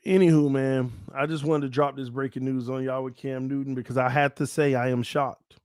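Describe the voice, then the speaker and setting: A man hosting his own sports fan channel, giving casual commentary to viewers in a playful, excitable way. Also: mid-range voice, normal speed, no room sound, studio quality. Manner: playful, excitable, swings between calm and shouting.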